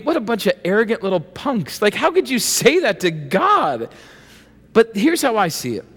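A man preaching a sermon with playful asides, acting out voices and lively emphasis. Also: a little high. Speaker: pastor. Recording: long reverb of a large hall.

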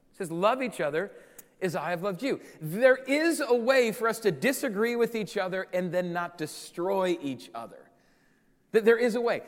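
Pastor, male, high voice, earnest sermon delivery that repeats key lines; reverberant room.

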